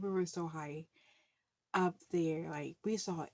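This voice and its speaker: A woman's voice: low-pitched, steady tone, slow, creaky, dry recording. A woman telling a story in a casual vlog, chatty, with many fillers and frequent laughs. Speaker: budgeting channel host.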